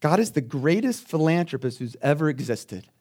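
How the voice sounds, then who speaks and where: A man preaching a sermon as pastor, telling stories in a conversational way and swinging between quiet asides and loud, emphatic bursts. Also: fairly high pitch, big pitch swings, moderate pace.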